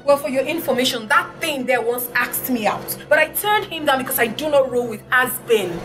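A woman's voice: high-pitched, animated, normal speed. A haughty snobbish girlfriend. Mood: scornful. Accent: Nigerian. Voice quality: sharp, dismissive. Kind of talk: Nollywood film acting. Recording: light background music.

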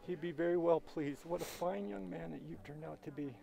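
Middle-aged dad officiating the wedding, gravelly voice, slow and solemn. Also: male voice, fairly high pitch, over music, low-quality recording. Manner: solemn, measured. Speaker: wedding officiant and father of the bride. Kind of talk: formal wedding ceremony address.

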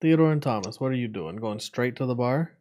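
A man's voice: mid-range voice, expressive, brisk, mellow. A man narrating a tabletop game as game master, describing scenes casually.

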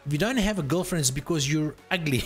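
A man's voice: a little high, animated, quick pace, breathy edge, soft background music. A man chatting casually and teasingly on a live stream, swearing freely while working on hardware.

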